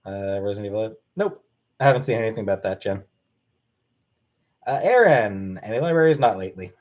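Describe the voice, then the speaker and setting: A man's voice: lowish voice, animated, fairly quick, a little mellow. Blunt man chatting casually with viewers. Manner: blunt, offhand. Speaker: streamer answering chat. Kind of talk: casual live-stream chat.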